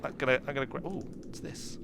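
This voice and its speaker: A man's voice: medium pitch, quick pace, gravelly, background noise. A man streaming a video game, giving playful, whimsical commentary and chatting to the creatures he meets. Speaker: gaming streamer. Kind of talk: playful let's play commentary. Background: faint game music.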